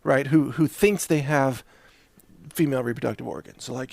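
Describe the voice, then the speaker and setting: A man's voice: a little high, moderate pace, creaky, dry recording, studio quality. A man hosting an opinion commentary show, talking in a sarcastic, mocking way. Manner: sarcastic, mocking, acts out quoted voices. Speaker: host.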